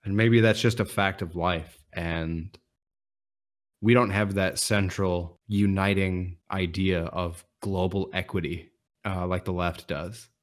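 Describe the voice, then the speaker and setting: A man's voice: low voice, steady tone, slow pace. A man in a casual podcast discussion, reflective and candid, sometimes trailing off.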